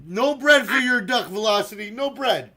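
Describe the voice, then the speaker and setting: Running a community server stream, a man calls a duck race and chats with his viewers, cursing openly and letting out loud quacks to urge the ducks on. His voice sits high and animated at a normal pace.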